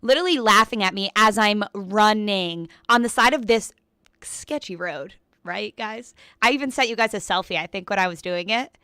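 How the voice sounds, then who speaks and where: Young woman, radio co-host; animated rant, smooth clear voice, dry studio sound. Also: medium pitch, normal speed, dry recording. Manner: animated, frequent "like", laughs while telling. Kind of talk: casual radio chat, storytelling rant.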